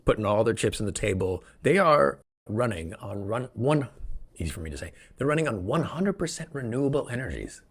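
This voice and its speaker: A man hosting a solo podcast, talking in an excitable, rambling, jokey way from a room where he records alone. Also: medium pitch, brisk, slightly rough. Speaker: podcast host. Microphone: podcast microphone, also filmed.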